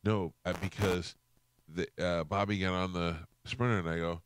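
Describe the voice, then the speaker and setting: A man with a very low, smooth voice hosts a morning radio show, trading jokes and teasing his guests. His mic is close and dry in the studio. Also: fairly even intonation, normal speed, dry recording. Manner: joking, teasing. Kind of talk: casual radio banter. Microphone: studio microphone.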